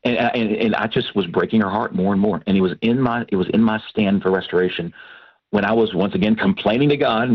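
A man, a pastor and Christian counselor, telling his testimony with earnest, animated storytelling. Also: on the low side, fast, creaky, slightly rough, lo-fi sound. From Texas. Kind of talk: testimony in a radio interview.

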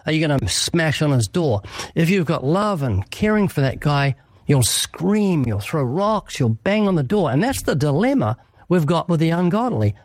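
Earnest preaching man, fairly high voice. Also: sing-song, moderate pace, no echo, studio quality. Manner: earnest, emphatic, illustrates with little acted quotes. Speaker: evangelist guest. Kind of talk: preaching interview answer.

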